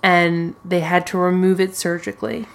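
A woman co-hosting a podcast, recounting a TV plot in a steady storytelling way during casual chat. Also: lowish voice, moderate pace. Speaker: podcast co-host. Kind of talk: casual chat recapping a TV show.

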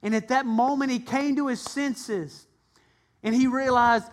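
A man's voice: extremely high pitch, steady tone, unhurried. A man pastor preaching a sermon, earnestly and emphatically, acting out the voices in his retelling. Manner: dramatic retelling with acted-out voices.

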